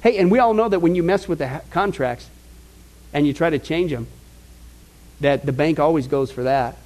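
A man's voice: moderate pace, rough recording. A man preaching a Bible-teaching sermon as a pastor. He asks the congregation questions and keeps checking in with them. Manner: asks the audience rhetorical questions and checks in with "okay?"; animated, with sudden jumps in pitch for emphasis.

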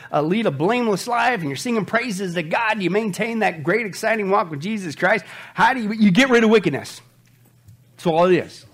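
A middle-aged male pastor preaching a sermon, asking the congregation rhetorical questions and joking between Bible readings. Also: high voice. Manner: animated preaching, rhetorical call-and-response questions, jokes.

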